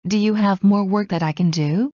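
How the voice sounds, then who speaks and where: A woman slowly reading everyday English phrases one at a time for learners. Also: mid-range voice, mellow, no room sound, muffled recording. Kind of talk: slow scripted phrase reading.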